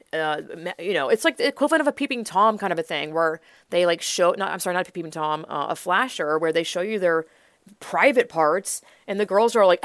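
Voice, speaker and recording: A woman hosting a political commentary show, rambling with many fillers and turning heated and loud when angry. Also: lowish voice, dry recording, clean studio sound. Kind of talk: casual opinionated monologue.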